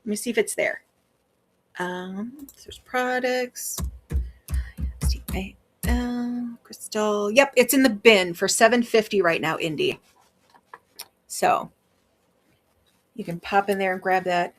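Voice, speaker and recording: Slow-talking Wisconsin woman on a livestream. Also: mid-range voice. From Wisconsin, USA. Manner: chatty, rambling with many fillers. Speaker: livestream seller and witch. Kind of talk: casual livestream chat.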